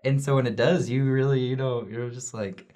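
A young man casually telling a story from his mission, animated and acting out the voices of people in it. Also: medium pitch, moderate pace. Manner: animated, acts out voices in quotes. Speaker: returned missionary.

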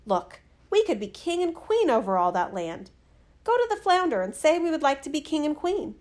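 A woman's voice: high-pitched, big pitch swings, moderate pace, darkish tone, pitched above the performer's own voice. A woman voicing a greedy, demanding fisherman's wife who bosses her husband. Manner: bossy and insistent.

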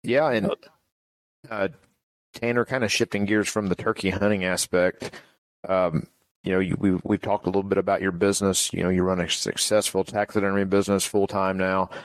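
A man hosting a podcast, asking his guest questions in an even, measured way. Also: sits low, no echo. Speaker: podcast host. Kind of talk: interview questions.

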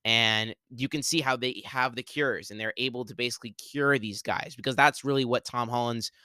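A man hosting a podcast solo, talking excitedly and rambling, with lots of "like". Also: mid-range voice, normal speed, smooth, no room sound. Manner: excited, rambling, heavy use of "like". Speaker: podcast host. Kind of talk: solo movie spoiler talk.

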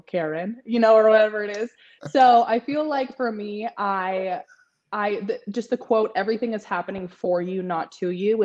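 A woman's voice: mid-range voice, darkish tone, dull audio. A woman in her twenties, a podcast guest, talking in a chatty way with lots of fillers and frequent laughter. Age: 20s. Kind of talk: casual interview chat.

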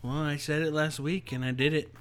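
A man's voice: fairly high pitch, level tone, fairly quick, a bit bright. A man co-hosting a casual podcast, giving emphatic opinions and swearing for emphasis. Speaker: podcast co-host. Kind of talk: casual chat.

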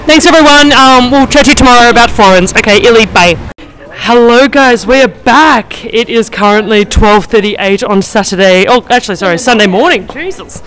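A woman's voice: on the high side, a little fast, fairly bright tone. Chatty woman vlogging outdoors. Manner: chatty, rambling, with many fillers and laughs. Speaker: podcast host. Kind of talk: casual travel vlog chat. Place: outdoors, walking through streets.

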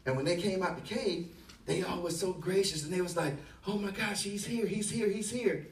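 A man preaching a sermon as pastor, telling a story and building to loud, emphatic delivery. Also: sits high, moderate pace, reverberant, far from the mic, a little hiss or hum.

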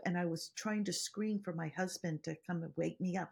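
Woman meditation teacher, low gravelly voice, earnest, lots of everyday examples. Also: a little fast, a little mellow. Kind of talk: podcast teaching monologue.

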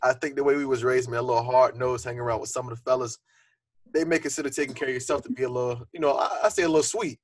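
A man's voice: medium pitch, steady tone, very fast. A young man co-hosting a podcast, talking earnestly and reflectively in a casual conversation full of fillers. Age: young adult. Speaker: podcast co-host.

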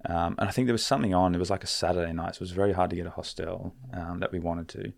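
A young man with a low, gravelly voice tells a long story as a podcast guest, talking very fast with fairly even intonation. He rambles easily, using lots of fillers and the occasional swear word.

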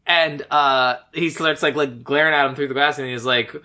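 A man's voice: mid-range voice, normal speed. A man casually retelling a movie's scenes to friends on a podcast, quoting the characters as he goes. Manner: animated retelling with quoted voices. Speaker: podcast co-host. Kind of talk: casual movie-review chat.

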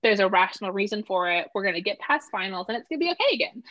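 In a dull, lo-fi recording without echo, a middle-aged woman converses casually at a rapid-fire pace and medium pitch. She's animated and acts out voices when quoting others.

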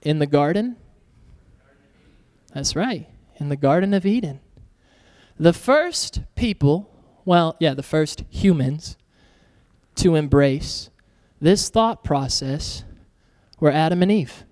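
A man preaching a sermon to a church, energetic and joking in a casual, conversational way. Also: on the high side, slow pace, long pauses, big-room sound. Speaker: pastor.

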